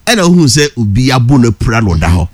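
A man's voice: mid-range voice, sing-song, fast, dry recording. A man hosting morning radio talk, explaining points to a guest while murmuring agreement. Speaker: radio host.

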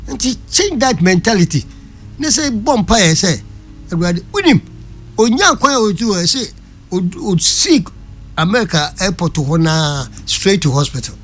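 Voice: medium pitch, very animated, normal speed, soft background music. A talk-show guest with a Ghanaian accent, giving an emphatic, preachy Christian view. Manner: emphatic and preachy, switching between Twi and English. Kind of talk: opinionated talk-show commentary.

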